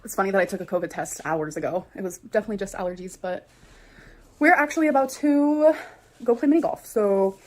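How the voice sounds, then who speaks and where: A woman's voice: medium pitch, fast talker. A woman doing casual vlog narration to the camera, breezy and upbeat, with lots of fillers. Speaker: vlogger.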